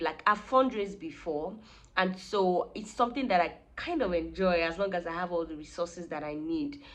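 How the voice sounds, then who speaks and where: A woman's voice: on the low side, normal speed, fairly bright tone. Earnest young woman vlogging. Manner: earnest and heartfelt. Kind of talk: casual reflective talk to camera.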